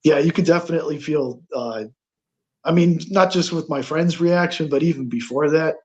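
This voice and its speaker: A man telling a ghost story as a guest on a paranormal talk show, halting, with many fillers and restarts. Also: fairly high pitch, darkish tone, lo-fi sound.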